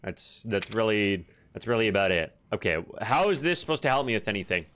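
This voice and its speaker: A man's voice: fairly low pitch, animated, a little fast, fairly bright tone. A man streaming a horror game, joking and swearing as he talks to his chat. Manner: profane, jokey, talks to chat. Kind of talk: casual gameplay commentary. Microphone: desk microphone.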